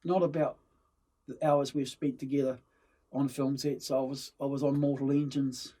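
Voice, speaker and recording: A man's voice: medium pitch, flat delivery, moderate pace, mellow. A middle-aged man, a guest chatting in an interview and telling rambling stories full of fillers and restarts. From New Zealand. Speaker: actor and film-maker guest. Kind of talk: casual interview chat, storytelling.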